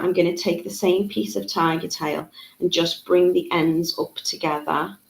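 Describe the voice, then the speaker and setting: A woman's voice: lowish voice, gravelly. A woman, teaching a live beading tutorial in a chatty way, with frequent ums. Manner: chatty, reads out viewer comments, frequent ums. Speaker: jewellery-making tutor. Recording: echoey room.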